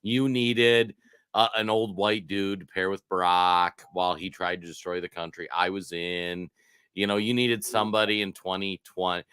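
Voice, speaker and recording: Man doing a rambling old politician, comic impression, aggrieved, low, bright, dry close sound. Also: flat delivery, moderate pace, smooth, no echo. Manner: rambling, resentful first-person monologue.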